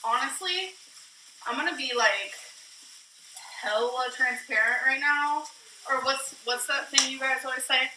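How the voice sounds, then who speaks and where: A woman vlogging casually while she cooks, out of breath. Her voice is fairly high and bright and carries a roomy echo. She talks frankly and pokes fun at herself, with a soft hiss of noise behind her. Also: measured pace. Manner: candid, self-mocking, laughs often. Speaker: vlogger in a played clip. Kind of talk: casual vlog while cooking.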